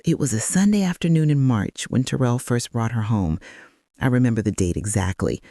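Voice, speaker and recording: Brief: woman, 60s, first-person storyteller, earnest and reflective, very expressive melody, dry close sound. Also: extremely low pitch, brisk, no echo.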